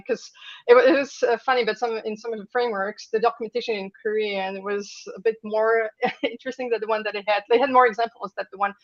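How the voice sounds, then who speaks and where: A woman's voice: on the high side, lo-fi sound. A woman from France, a guest in a casual interview, talking with many fillers and light laughs over a video call.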